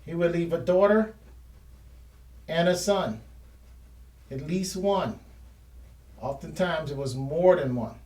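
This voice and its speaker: In a mellow, slightly high voice, a man takes it slowly and pauses often as he hosts a painting history show from his art studio. His casual talk while painting rambles through restarts and unfinished phrases, picked up off-mic with roomy sound from a distance.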